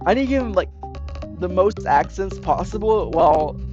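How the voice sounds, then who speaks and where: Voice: medium pitch, lively intonation, normal speed, music in the background. A streamer casually chatting and rambling in asides while reading game dialogue aloud. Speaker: let's-play streamer. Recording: dull lo-fi recording.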